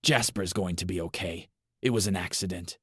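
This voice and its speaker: A man voicing a distraught young woman in a horror story reading, pitching his voice up. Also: moderate pace, fairly bright tone, husky, no echo, clean studio sound. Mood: tearful.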